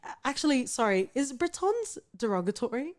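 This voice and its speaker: A woman's voice: high-pitched, big pitch swings, a little fast, no echo, clean studio sound. A woman with an Australian accent hosting a podcast, chatting in a playful, teasing way. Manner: playful, teasing, laughs often. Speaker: podcast host. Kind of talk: casual podcast chat.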